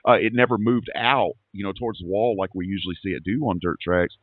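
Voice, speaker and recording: A man's voice: deep voice, quick pace, no room sound. A man hosting a racing show, chatting casually and folksily with a guest, often repeating his words. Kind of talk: casual interview. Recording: tinny phone-like line.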